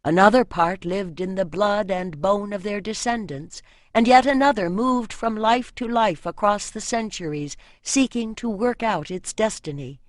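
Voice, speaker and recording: A woman narrating a fantasy audiobook in a measured, expressive reading voice. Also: medium pitch, no echo, studio quality.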